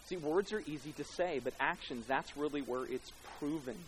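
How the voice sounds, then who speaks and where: A man preaching a sermon, swinging from loud emphatic bursts to hushed tender passages, with casual conversational asides. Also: on the high side, normal speed, slight background noise, low-quality recording. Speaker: pastor. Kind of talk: expository sermon.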